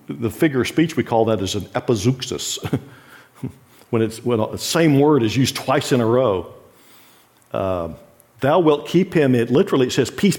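A man's voice: mid-range voice, a little mellow. A middle-aged male pastor teaching a sermon in a conversational way, asking the listeners frequent questions and laughing lightly.

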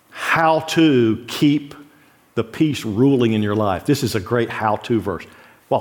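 A middle-aged male pastor teaching a sermon in a conversational way, asking the listeners frequent questions and laughing lightly. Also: medium pitch.

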